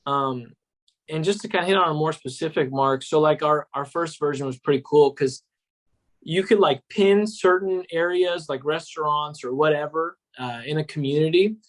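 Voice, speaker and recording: A man's voice: a little high, moderate pace. A man, an app co-founder, chatting enthusiastically and loosely on a podcast, full of "like" and "cool". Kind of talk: casual podcast chat.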